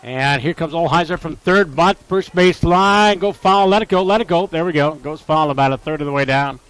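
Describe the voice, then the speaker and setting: A man's voice: on the high side, moderate pace, clean tone, no room sound, rough recording. Upbeat baseball play-by-play man. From Upper Midwest US. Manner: steady, informative, rises sharply on big plays. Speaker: play-by-play announcer.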